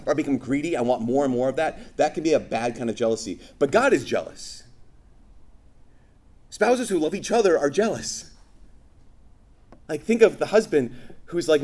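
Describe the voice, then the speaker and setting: A man preaching a sermon, telling stories and acting out quoted voices with animated energy. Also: on the high side.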